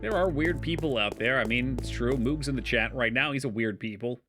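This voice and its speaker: A man's voice: mid-range voice, a little fast. A man chatting casually and joking with his viewers while playing a game, swearing freely. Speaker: streamer. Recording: live stream with loud game music behind. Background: game music.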